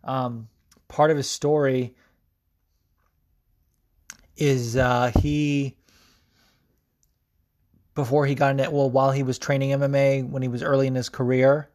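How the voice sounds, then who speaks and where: A man's voice: medium pitch, darkish tone. A young man hosting a podcast, chatting casually through sports news with lots of ums, restarts and offhand swearing. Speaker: podcast host.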